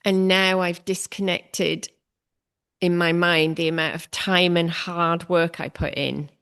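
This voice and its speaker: A woman's voice: on the low side, steady tone, takes it slowly, fairly bright tone, clear, resonant tone. A woman artist being interviewed, talking candidly and reflectively about her own habits with self-deprecating humor.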